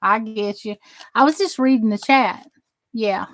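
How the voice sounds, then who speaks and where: A woman with a Southern American accent talks casually as she works on a craft project. She rambles a little and answers viewer comments as they come in. Her voice sits a touch higher than most. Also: unhurried, slight background noise, rough recording. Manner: chatty, rambling, reads chat aloud while working. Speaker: crafting channel host. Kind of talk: casual craft demo and live chat.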